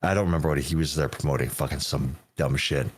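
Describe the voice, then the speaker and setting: Deep-voiced man swapping road-crew stories. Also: fairly even intonation, fast talker, husky. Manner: swearing, laid-back anecdotes. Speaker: touring stage tech. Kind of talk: casual podcast chat.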